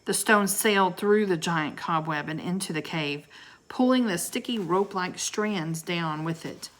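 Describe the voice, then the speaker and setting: Low-voiced woman reading aloud. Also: unhurried. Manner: expressive, chatty asides to listeners. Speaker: storybook reader. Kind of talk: reading a children's book aloud.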